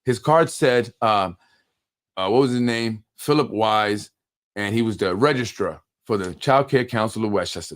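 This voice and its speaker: Animated man telling a heated story. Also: mid-range voice, normal speed. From New York. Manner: animated storytelling, acting out others' lines, repeats words when worked up. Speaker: host of a local politics show. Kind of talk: live call-in show monologue.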